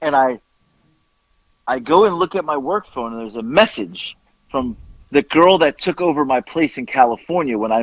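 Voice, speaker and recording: A man's voice: a little high, no room sound, dull audio. A man telling a story in casual chat as podcast co-host, acting out the quoted voices as he goes.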